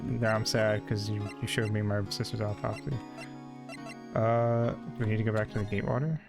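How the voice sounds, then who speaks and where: Male streamer, casual joking commentary, lowish voice, game music behind. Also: fairly even intonation, moderate pace, gravelly. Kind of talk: casual gameplay commentary, reading dialogue aloud.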